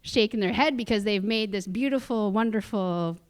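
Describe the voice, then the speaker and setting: A woman's voice: mid-range voice, normal speed, clear, resonant tone. A woman from the Musqueam community in Canada, a guest speaker telling personal stories in casual chat, chatty with many fillers and restarts and frequent laughs, recorded on a theatre stage. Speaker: guest speaker at a cultural sharing.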